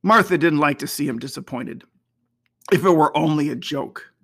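A reader giving slow, measured, expressive audiobook narration of a classic novel. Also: mid-range voice, no room sound, studio quality.

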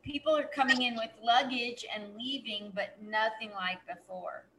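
A woman's voice: a little high, steady tone, moderate pace, background noise. A woman hosting a casual comedy podcast interview, reacting with short interjections. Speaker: podcast host.

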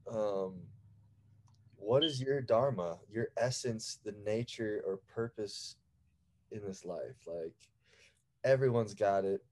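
A man interviewing a guest, asking rambling, halting questions with many fillers. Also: on the low side, warm tone. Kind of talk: casual interview.

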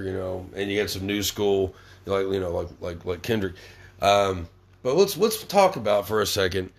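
Young guy ranting on his podcast, cursing nonstop, lowish voice, keeps tripping over his words. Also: vocal fry. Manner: angry, swearing constantly, stammering restarts. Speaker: podcast host. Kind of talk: profane ranting monologue.

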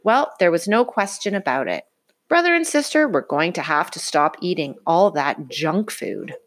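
A woman reading a picture book aloud to a child in an expressive, sing-song way. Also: lowish voice, moderate pace. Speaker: storybook reader.

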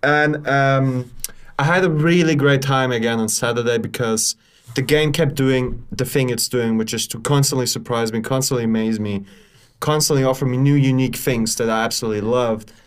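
A man's voice: medium pitch, moderate pace, clean tone. A man co-hosting a casual gaming podcast, talking with many fillers and restarts. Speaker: podcast co-host.

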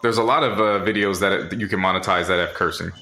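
Male podcast co-host, low voice with a bright edge, relaxed drawling chat. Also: quick pace. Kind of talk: casual comedic podcast chat.

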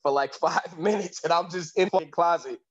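A man recounts a story in loose, profane slang, laughing as he goes. His voice sits a little high. The recording sounds dull and lo-fi. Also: normal speed. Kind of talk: casual storytelling.

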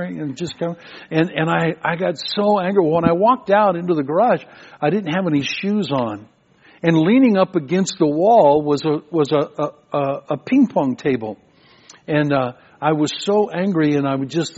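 A man's voice: on the high side, normal speed, a little mellow. An older man preaching a sermon as pastor, telling stories in a conversational way and often repeating words as he goes. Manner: conversational storytelling preacher with frequent repetitions. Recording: muffled, lo-fi sermon recording.

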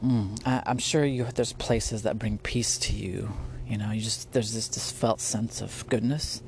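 A man's voice: on the low side, fairly even intonation, measured pace, a little mellow, a little hiss or hum. A man hosting a podcast, talking casually and earnestly about faith, rambling with restarts and laughing often. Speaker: podcast host. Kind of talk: casual spiritual talk. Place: at home, near spiders.

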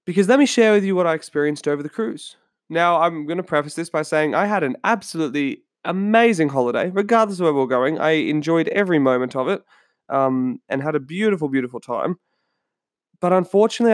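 Australian male podcast host, fairly high voice, close dry mic, faint guitar behind, earnest storyteller. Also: dry recording. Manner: earnest, storytelling, asks listeners questions. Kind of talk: solo podcast talk. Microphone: studio microphone.

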